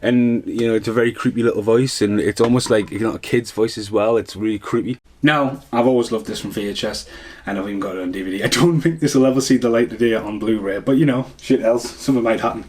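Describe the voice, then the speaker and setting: A man's voice: on the low side, fast talker, darkish tone. A man giving a casual, rambling film review, swearing freely and laughing at his own jokes. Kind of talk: casual movie review rant.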